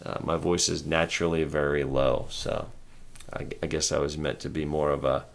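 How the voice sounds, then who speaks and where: A man with a very deep, gravelly voice talks through a trading livestream. His delivery is calm, low-key and rambling, with little lift in his tone. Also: normal speed. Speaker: host of a stock trading livestream. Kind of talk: casual livestream chat.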